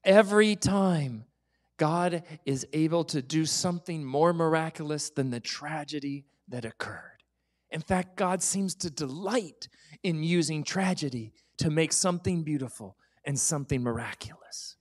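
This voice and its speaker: A male pastor preaching a sermon in a lively, conversational way, sometimes joking and at times dropping to a soft whisper for emphasis. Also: a little high, unhurried.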